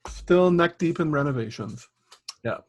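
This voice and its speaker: A man's voice: on the high side, animated, unhurried, muffled recording. A middle-aged Canadian man co-hosting a casual podcast, easygoing and self-mocking, with lots of fillers. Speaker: podcast co-host. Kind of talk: casual chat. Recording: level drops out and goes quiet.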